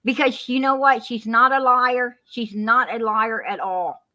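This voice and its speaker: On a heated live stream captured in muffled, lo-fi audio, a woman preaches and repeats herself, calling people hon and sweetheart. Her voice is on the high side and sharp, with a steady tone and a slightly slow delivery.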